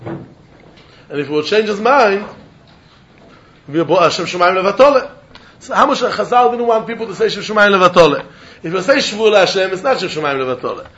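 High-voiced man giving a Talmud lecture. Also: animated, a little fast, pauses often, a bit bright, dull audio, slight background noise. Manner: singsong study chant, mixing English with Hebrew, Aramaic and Yiddish terms. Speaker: Talmud teacher. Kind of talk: yeshiva-style Talmud lecture.

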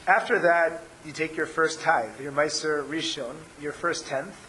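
A man with a scratchy, hoarse voice giving a religious class, explaining step by step with frequent ums and restarts. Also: on the high side, unhurried, sharp tone. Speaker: Torah teacher.

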